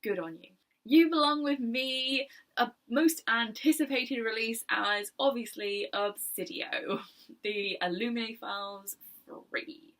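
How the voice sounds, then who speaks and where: A young woman chatting casually about books in her video, enthusiastic and quick to laugh. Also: on the high side, a bit bright. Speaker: book vlogger. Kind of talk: casual chat.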